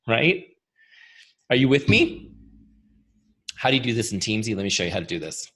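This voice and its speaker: A man with a tired, fading voice gives an energetic webinar training, chatty and full of rhetorical questions. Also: mid-range voice, moderate pace, pauses often, breathy edge. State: losing his voice. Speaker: software founder giving a training webinar.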